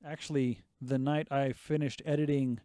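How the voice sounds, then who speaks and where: A man with a mid-range voice talks through his hobby build step by step in a relaxed podcast chat. The sound is dry and close, with no room around it. He lays out each detail in order, like he's going down a list. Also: mid-range voice, moderate pace, no echo. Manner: detailed, methodical, lists things off. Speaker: podcast co-host. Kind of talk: casual chat.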